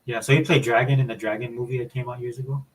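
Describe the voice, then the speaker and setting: A man from Hawaii with a Hawaiian accent, chatting casually as a podcast co-host in a relaxed, rambling way. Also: mid-range voice, rapid-fire, low-quality recording. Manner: laid-back, rambling explanations. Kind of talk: casual chat.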